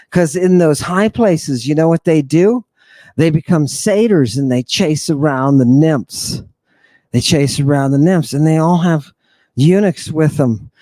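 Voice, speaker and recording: This podcast host is a man with a fairly high, darkish voice, captured in a dry recording. On his talk show he lectures about ancient texts theatrically and mockingly, leaning on rhetorical questions and asides.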